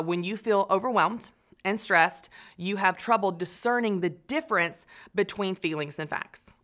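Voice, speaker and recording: A woman's voice: on the low side, fairly bright tone. A woman, giving a chatty, encouraging webinar talk and acting out spiraling thoughts.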